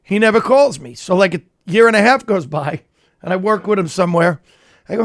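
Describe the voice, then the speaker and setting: A man's voice: high-pitched, normal speed, no echo, clean studio sound. A male comedian co-hosting, telling stories in casual chat and acting out the people in them. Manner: animated, acts out characters and sound effects. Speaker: comedian co-host.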